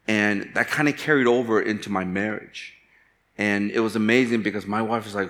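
A man from Chicago delivers a sermon as a pastor, with a voice that sits on the lower side. He talks candidly, weaving personal stories into the message and poking fun at himself. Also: normal speed, fairly bright tone. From Chicago, USA. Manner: candid, storytelling with self-deprecating humor.

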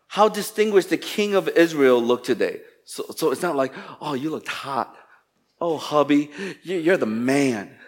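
Guy preaching a sermon, lively and animated, does sarcastic voices for the quotes. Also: mid-range voice. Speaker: pastor.

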